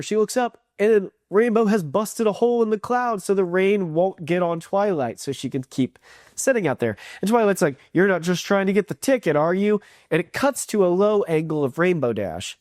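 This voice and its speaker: Casting note: chatty, enthusiastic host reviewing a cartoon, mid-pitched, dry and close to the mic. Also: a little mellow, no echo. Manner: enthusiastic, rambling, acts out quotes. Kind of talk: casual video review.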